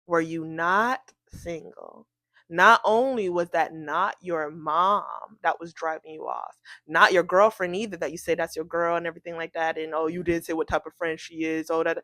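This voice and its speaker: A woman telling a storytime tale in an animated, incredulous way, acting out the people she quotes. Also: lowish voice, dry recording. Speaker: storytime vlogger. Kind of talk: casual storytime.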